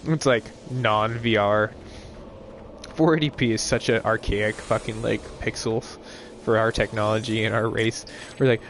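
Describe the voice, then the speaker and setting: A man's voice: on the low side, fairly even intonation, measured pace, a bit bright, slight background noise. A young man chatting casually while streaming a game, rambling and swearing, full of filler words. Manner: rambling, profane, lots of "like" fillers. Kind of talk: casual gaming stream chat.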